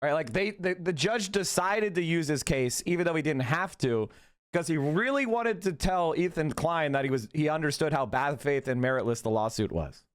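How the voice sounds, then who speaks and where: A man's voice: a little high, animated, moderate pace. A man hosting a casual livestream, mocking and swearing as he reacts to chat. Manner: profane, mocking, reads chat aloud. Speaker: livestream host. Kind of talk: casual political livestream commentary.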